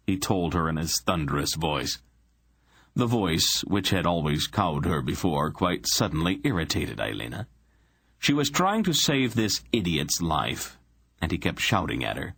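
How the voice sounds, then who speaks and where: A man narrating an audiobook in an expressive storytelling manner. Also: low-pitched, measured pace, vocal fry, slightly rough, no room sound. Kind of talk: scripted narration.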